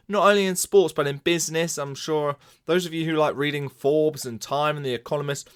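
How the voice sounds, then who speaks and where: A man's voice: medium pitch, clean tone. A man hosting a sports podcast, giving a chatty, upbeat solo introduction. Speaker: podcast host and sports broadcaster.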